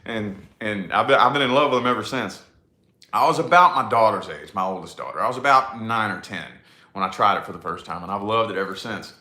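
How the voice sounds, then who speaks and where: Guy rambling and cussing, swoopy animated voice, echoey room. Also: lowish voice. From New Albany, Indiana, USA. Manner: rambling and profane, drawn-out words. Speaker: vlogger chatting to a live audience. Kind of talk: casual live chat.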